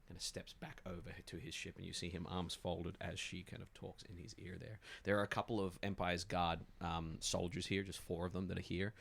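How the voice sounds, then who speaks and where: A man with a very low, gravelly voice narrates as game master of a tabletop role-playing game. He talks in a loose, easygoing way, full of fillers and restarts. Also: a little fast, hardly any pauses. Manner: relaxed narration with many fillers, jumps into character voices.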